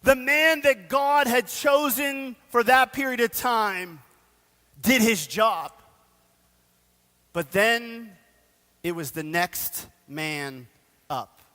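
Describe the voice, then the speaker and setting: A man preaching a sermon, telling the story in a casual, animated way with slang. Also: very high-pitched, drawn-out words, long pauses, in a large hall. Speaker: pastor. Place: church sanctuary.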